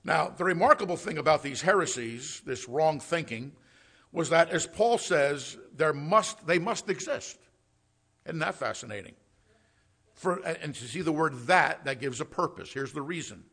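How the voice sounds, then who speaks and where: A pastor delivering a sermon with a gravelly, fry-laced voice that sits a little high for a man. He preaches emphatically, pausing on rhetorical questions and sprinkling in "uh" fillers. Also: expressive, fairly bright tone. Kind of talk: expository sermon.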